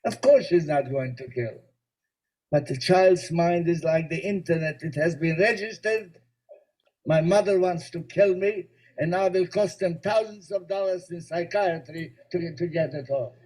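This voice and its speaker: A man with a mellow, dark voice teaches as a rabbi. He explains ideas patiently and tells little stories with gentle humor. His talk has the easy rhythm of a spiritual lesson. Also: on the high side, moderate pace, poor audio.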